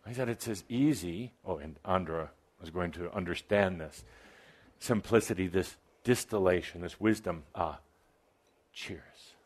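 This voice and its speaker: A man's voice: sits low, measured pace. A man channeling a spiritual teacher to a live audience, speaking with wry, playful asides and sudden emphatic bursts. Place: event hall with live audience.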